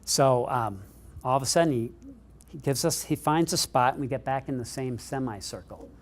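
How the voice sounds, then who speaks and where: A middle-aged man giving a keynote speech, telling a story with animated delivery that lifts in pitch as he gets excited. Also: moderate pace. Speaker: keynote speaker.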